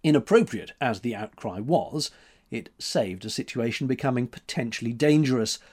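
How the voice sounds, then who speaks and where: A man reading a story aloud in measured, expressive narration. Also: medium pitch, husky. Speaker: audiobook narrator. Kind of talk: scripted narration.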